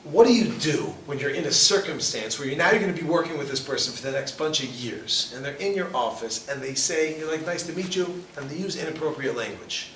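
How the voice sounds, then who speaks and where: A man teaching a class as a rabbi, animated and questioning, acting out quoted people. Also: mid-range voice, brisk, hardly any pauses. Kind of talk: lively lecture with questions to the audience. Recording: echoey room, mic at a distance, faint noise.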